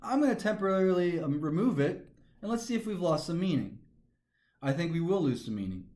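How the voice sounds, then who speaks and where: A man's voice: fairly high pitch, sing-song, a little fast, darkish tone. A man teaching a grammar lesson, methodically talking through each step aloud. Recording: echoey room.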